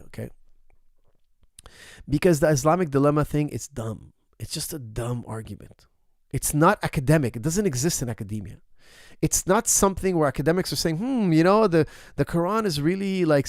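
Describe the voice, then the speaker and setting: A middle-aged man with a somewhat high voice, talking as a martial arts coach in a casual Q&A. He hammers his points home, repeats them and fires off rhetorical questions he answers himself, in a dry, close recording. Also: dry recording. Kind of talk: casual Q&A commentary.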